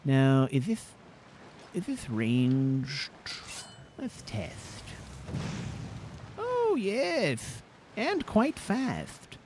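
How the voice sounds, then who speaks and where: A man's voice: a little high, wildly swooping pitch, very slow, pauses often, noisy background, exaggerated voice. A man voicing a fussy, bookish male adventurer who talks in prim, formal phrases and grumbles aside during gameplay. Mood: exasperated. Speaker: gameplay narrator voicing his character. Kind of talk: in-character gameplay commentary.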